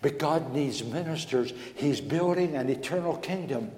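A male pastor telling a folksy, animated story in a sermon, acting out the dialogue. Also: on the high side, moderate pace. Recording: echoey hall with long reverb.

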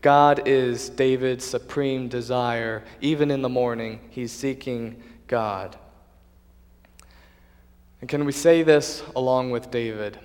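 A man delivers a sermon in an earnest, measured voice that sits at a middle pitch. His phrases come steadily, with the odd restart. The sound carries the long reverb of a church hall. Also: steady tone, a little mellow. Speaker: preacher.

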